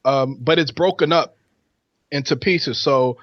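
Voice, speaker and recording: A man co-hosting a podcast, telling a story in an animated, laughing way. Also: mid-range voice, measured pace, no room sound, dull audio. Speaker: podcast co-host. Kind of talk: casual storytelling chat.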